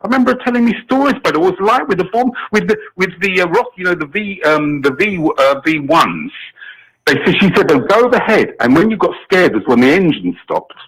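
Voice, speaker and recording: A man's voice: high voice, expressive, quick pace, fairly bright tone, breathy edge, low-quality recording. A middle-aged British man calling in to a talk show, indignant and rambling, with many restarts. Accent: British English. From Britain. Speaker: caller. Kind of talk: phone-in call.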